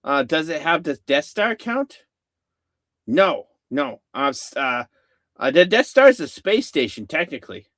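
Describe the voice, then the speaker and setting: A man's voice: a little high, big pitch swings, measured pace, fairly bright tone, no echo, studio quality. A man hosting a casual live-stream chat, rambling with many fillers and restarts. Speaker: host.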